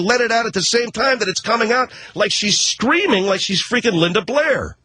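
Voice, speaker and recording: A middle-aged man telling a story on the radio in an animated, slangy way. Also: sits high, normal speed, few pauses, husky, no echo. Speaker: radio host. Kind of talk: storytelling monologue.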